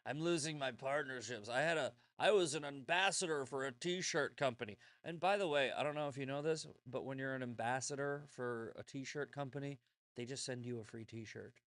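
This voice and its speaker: A man's voice: mid-range voice, normal speed, fairly bright tone, no echo. A man hosting his own show, talking in a blunt, rambling, profane monologue full of restarts. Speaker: show host. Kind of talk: casual monologue.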